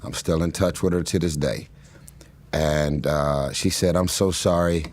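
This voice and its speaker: Deep-voiced man telling stories, fillers. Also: steady tone, measured pace, a little mellow, a little hiss or hum. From Los Angeles, United States. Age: 40s. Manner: rambling, laughs often, frequent fillers and restarts. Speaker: guest. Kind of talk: casual interview storytelling.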